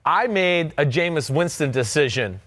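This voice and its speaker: A man in his thirties with a New Jersey accent, hosting a sports podcast in loud, animated casual chat. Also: fairly high pitch, moderate pace, dry recording. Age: 30s. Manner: loud, animated, talks with filler and restarts. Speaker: podcast host.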